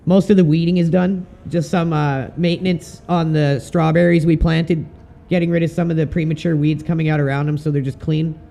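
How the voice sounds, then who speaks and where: A man's voice: a little high, level tone, fairly quick, vocal fry, dark tone. A man chatting casually and swearing now and then while commenting on his sim racing stream. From Canada.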